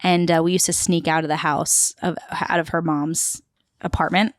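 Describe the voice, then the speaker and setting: A woman's voice: sits low, level tone, moderate pace, no room sound. A woman from Queens, telling a story as a chatty podcast guest with lots of fillers. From Queens, New York City. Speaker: podcast guest, actor and tour guide. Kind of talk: casual storytelling interview.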